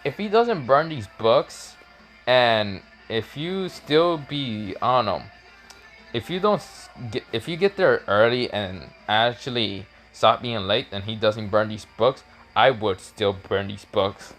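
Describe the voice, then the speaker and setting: A man's voice: on the low side, lively intonation, takes it slowly, fairly bright tone, soft background music. A man voicing a scheming adult female ninja teacher in an improvised fan story, sly and teasing.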